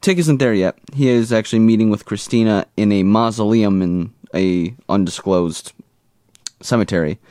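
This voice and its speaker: A man's voice: on the low side, normal speed, dark tone, no echo, clean studio sound. A man co-hosting a podcast, recapping a TV episode in casual chat with jokey, rambling asides. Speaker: podcast co-host.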